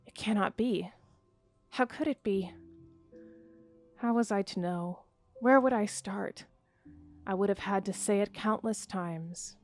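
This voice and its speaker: A woman's voice: mid-range voice, slow pace, pauses often, a little mellow, soft background music. A bitter, grieving ghostly voice, as a woman reads it. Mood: bitter sorrow. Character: bitter, grieving disembodied voice from a book.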